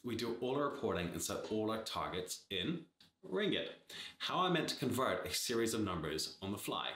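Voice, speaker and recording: A man's voice: fairly low pitch, big pitch swings, moderate pace, a bit bright. Blunt, sarcastic man in an echoey room. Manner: blunt, sarcastic, swears freely. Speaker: startup advisor. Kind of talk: casual scripted talk to camera.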